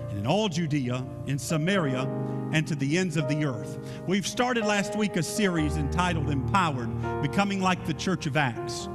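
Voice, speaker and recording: Male pastor, folksy sermon, high voice, faint music under, echoing sanctuary. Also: lively intonation, normal speed. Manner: folksy preaching with asides and repeated phrases. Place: church sanctuary. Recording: church hall reverb with faint music.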